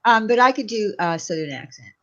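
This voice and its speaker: A woman's voice: mid-range voice, lively intonation, a little fast. A woman with a New York accent hosting a casual group chat, playful and laughing easily, in a slightly dull lo-fi recording. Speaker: host.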